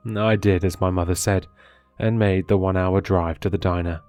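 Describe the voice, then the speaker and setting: Deep-voiced man narrating horror. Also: steady tone, moderate pace, a little mellow, faint music behind.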